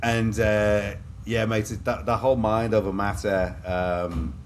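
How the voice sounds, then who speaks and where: A man in his forties from England with a Liverpool accent, telling stories as a podcast guest, animated and full of restarts. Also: lowish voice, unhurried, a little hiss or hum. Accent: Liverpool English. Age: 40s. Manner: animated, restarts often, says mate a lot. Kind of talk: casual storytelling.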